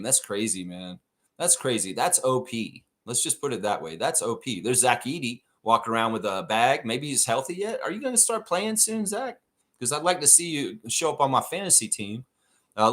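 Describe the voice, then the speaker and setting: A man's voice: medium pitch, a bit bright. A man hosting a live basketball fan show in a casual chat, ranting and swearing freely as he talks. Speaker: podcast host.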